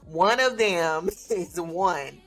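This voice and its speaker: A woman hosting her own livestream from home, talking in a relaxed, chatty way and laughing often. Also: lowish voice, drawn-out words, soft background music. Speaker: livestream host. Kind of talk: casual livestream chat. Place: home with children.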